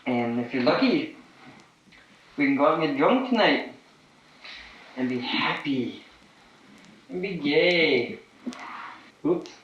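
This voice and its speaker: A man's voice: on the high side, animated, slow pace, long pauses, a little hiss or hum. A man talking in a giggly, drifting, repetitive ramble, recorded for a documentary on old tape. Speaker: documentary subject. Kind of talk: candid rambling monologue. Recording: echoey, distant, dull old tape.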